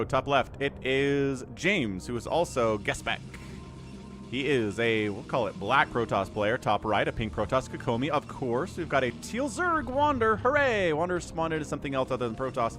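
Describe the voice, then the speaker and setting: An upbeat, talkative man hosts a live game stream at a middle pitch, greeting and thanking viewers by name. Clear music plays behind his voice the whole time. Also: fairly bright tone.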